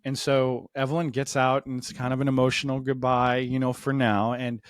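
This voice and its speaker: Brief: male comedian, dry close mic, animated storyteller who voices each character. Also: mid-range voice, moderate pace, no echo. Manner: animated, acts out the voices of the people in his story. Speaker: stand-up comedian.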